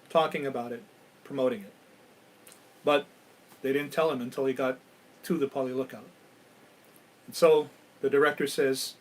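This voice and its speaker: A man from Hawaii hosting a live ghost-story show, telling tales dramatically and dropping to a hush at key moments. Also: medium pitch, poor audio. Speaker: storyteller and host.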